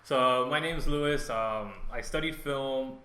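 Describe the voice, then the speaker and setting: A man's voice: mid-range voice, measured pace, bright, forceful tone, echoey room. A man co-hosting a casual film podcast, talking in a laid-back way and swearing freely. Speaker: podcast co-host. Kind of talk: casual chat.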